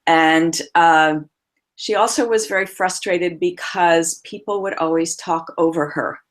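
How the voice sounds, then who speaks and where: A woman's voice: fairly low pitch, steady tone, unhurried. A woman voice coach, a guest on a remote call, telling client stories expressively with frequent laughs.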